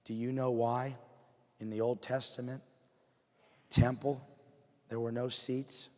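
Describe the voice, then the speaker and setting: A man preaching a sermon to his congregation in church, dropping to a hush and then rising to fired-up emphasis. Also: mid-range voice, little pitch movement, takes it slowly. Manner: swings from hushed to fired-up emphasis. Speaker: pastor. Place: church sanctuary. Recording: long hall reverb.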